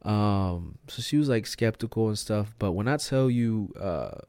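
A young man telling his personal testimony in a casual, slangy way, swinging from hushed to loud and emphatic. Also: fairly low pitch, lively intonation, unhurried, clear, resonant tone, no room sound. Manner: slangy and emphatic, says "bro" and "like" a lot. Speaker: podcast host sharing his testimony.

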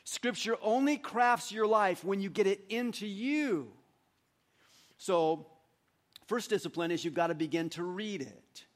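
A man's voice: high-pitched, unhurried. A man preaching a sermon in a church, in a conversational way, leading his congregation through group recitation. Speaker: pastor. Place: church sanctuary.

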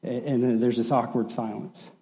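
A pastor giving a sermon in a relaxed, conversational storytelling way, acting out the quoted lines. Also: male voice, medium pitch, moderate pace, long reverb tail, rough recording.

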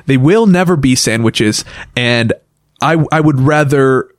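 Animated young man, playful podcast co-host. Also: mid-range voice, a little slow, no room sound, studio quality. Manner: playful, mock-indignant, animated. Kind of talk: casual comedic chat.

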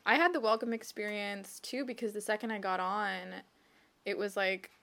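A woman's voice: mid-range voice, normal speed, fairly bright tone. Woman, late twenties, casual chat, laughs a lot, acts out quotes.

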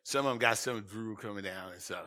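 A man preaching a sermon as pastor, swinging between shouted lines and quiet asides. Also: on the low side, fairly quick.

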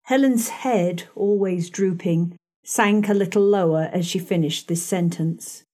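A woman narrating a classic novel for an audiobook in a measured, even delivery. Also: on the low side.

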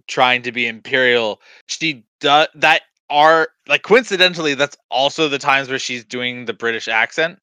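Male co-host, casual film chat, higher-pitched, bone-dry close mic, lots of hedging and restarts. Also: clear, resonant tone, no echo. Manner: animated, laughing, full of hedges and restarts. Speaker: podcast co-host.

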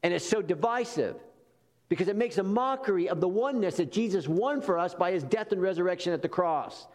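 A man's voice: a little high, darkish tone, long reverb tail. A man preaching a sermon as a pastor, emphatic and repeating key words for stress.

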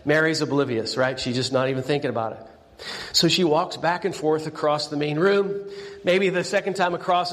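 A man, a pastor, preaching a sermon at a breakfast event, telling the story with animated energy and frequent restarts. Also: high voice. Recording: long hall reverb.

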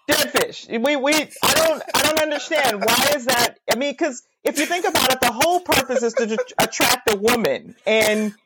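A woman, a mother, co-hosting a casual chat, animated and opinionated, mimicking people in mocking voices. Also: high-pitched, normal speed, hardly any pauses. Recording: loud background hiss.

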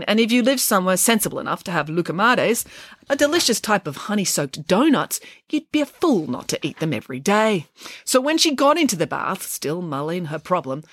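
A woman narrating a children's storybook in a playful, animated way. Her pitch rises and falls a great deal as she tells the story. The recording is close and dry. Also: no room sound.

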